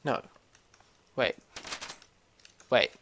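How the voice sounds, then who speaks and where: A gameplay commentator rambles through a casual let's-play from his home computer room, cursing a lot and muttering to himself while playing. He speaks very slowly in a somewhat bright voice.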